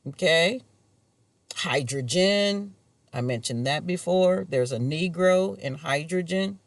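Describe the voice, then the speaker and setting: A man's voice: on the high side, slow, creaky, no echo. A man talking to camera in a rambling personal monologue, casual and musing, chuckling to himself now and then. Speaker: vlogger.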